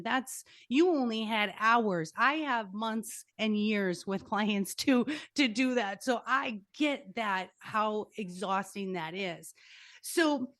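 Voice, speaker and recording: A woman's voice: a little high, takes it slowly, a bit bright, dry recording, clean studio sound. A woman hosting a podcast interview, a life coach who talks with energy and emphasis. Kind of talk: conversational interview.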